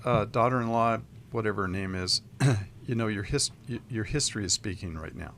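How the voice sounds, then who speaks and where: A man with a lowish voice, speaking in a measured, advising way as a radio counselor. A faint hum of room noise sits behind him. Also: a bit bright. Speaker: co-host counselor. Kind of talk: radio advice talk.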